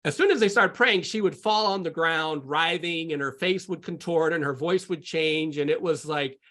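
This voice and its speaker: A man's voice: a little high, normal speed, pushed and bright. Candid man telling his faith story. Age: adult with sons. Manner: candid, rambling, many fillers and restarts. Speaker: podcast guest. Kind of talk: personal testimony in conversation.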